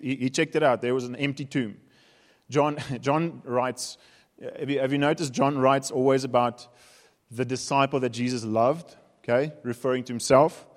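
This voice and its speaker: South African preacher in an echoing hall. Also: male voice, medium pitch. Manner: conversational, humorous storytelling. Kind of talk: sermon. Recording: reverberant hall.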